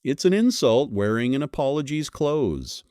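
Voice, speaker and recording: A man's voice: mid-range voice, big pitch swings, moderate pace, a little mellow, no room sound, studio quality. A man delivering a scripted commentary monologue, blunt and scornful, leaning hard on single words. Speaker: commentary host.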